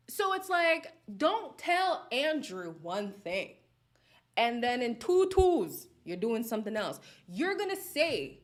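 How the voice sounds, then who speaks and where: A woman's voice: a little high, measured pace. Woman host, casual commentary, sassy and direct, voice swinging up and down a lot. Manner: animated, sassy, talks straight to viewers. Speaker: reality TV commentator. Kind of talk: casual chat.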